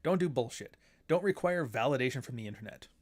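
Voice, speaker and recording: A man's voice: medium pitch, expressive, fast talker. A man hosting his own show in a casual monologue, blunt and profane, who now and then mocks others in put-on voices. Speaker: show host.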